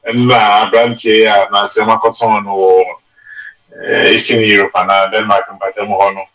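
Ghanaian guy breaking down a football match, bright forceful voice, kinda far from the mic in an echoey room. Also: fairly low pitch, moderate pace. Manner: animated, mixes Twi and English mid-sentence. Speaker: football pundit. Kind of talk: studio sports discussion. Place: radio studio. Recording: roomy and off-mic radio studio sound.

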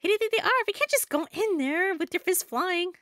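A woman's voice: very high voice, animated, a little fast, fairly bright tone, no echo, clean studio sound, voice pushed up. A woman voicing an anxious, chatty young cloud boy from a game. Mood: worried. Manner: worried and urgent. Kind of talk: reading game dialogue aloud.

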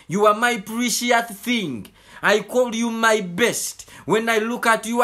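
A pastor voicing a tender, loving God. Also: male voice, high-pitched, bright, forceful tone, full character voice. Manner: tender, reassuring declarations.

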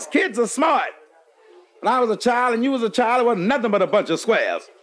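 A man with a very high voice tells raunchy jokes live on stage. A loud crowd is clearly heard around him. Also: sing-song, a little fast. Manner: raunchy punchline delivery. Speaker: stand-up comedian. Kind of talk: live stand-up before a crowd. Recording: live club recording with crowd.

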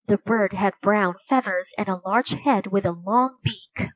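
A woman reading a children's story aloud in a slow, clear, gentle storytelling way. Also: medium pitch, slight background noise, low-quality recording. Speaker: storybook reader.

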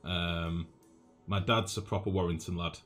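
Low-voiced northern English gamer. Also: male voice, fairly even intonation, unhurried, fairly bright tone, soft background music. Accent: generic northern English. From northwest England. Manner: chatty, rambling, swears casually. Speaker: gaming streamer. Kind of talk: casual gameplay commentary, reading chat.

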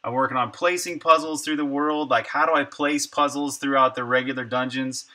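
Game dev on a live stream, very bright cutting tone, muttering thoughts aloud as he works. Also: medium pitch, steady tone, a little fast. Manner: thinks aloud, trailing off and muttering numbers. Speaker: indie game developer streaming his work. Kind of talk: casual livestream chat while working.

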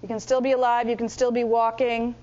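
High-voiced woman coaching a workshop. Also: brisk. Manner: energetic, coaching, demonstrates with exaggerated voices. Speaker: workshop instructor. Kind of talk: lively teaching workshop. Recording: dull lo-fi room recording.

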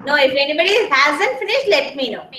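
A woman with an Indian English accent teaching a kindergarten class online, speaking slowly and patiently and spelling words out letter by letter. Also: high voice, lively intonation, echoey room, heavy background noise. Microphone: video call.

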